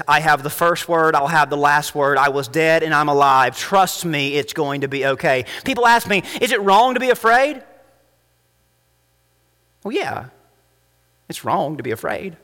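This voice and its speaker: A man's voice: on the high side, animated, measured pace. Impassioned preacher man in a reverberant church. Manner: impassioned, rising to emphatic peaks then dropping soft. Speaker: pastor. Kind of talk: sermon. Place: church sanctuary. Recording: long reverb of a church hall.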